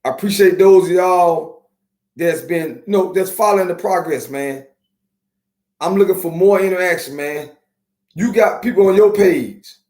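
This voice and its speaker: A man hosting a podcast, talking casually and streetwise to his viewers, slowing down to preach his points. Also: high-pitched, a little mellow. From Miami. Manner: streetwise, preachy, drawn-out slow emphasis. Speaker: podcast host. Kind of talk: casual live-stream talk to viewers. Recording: echoey room.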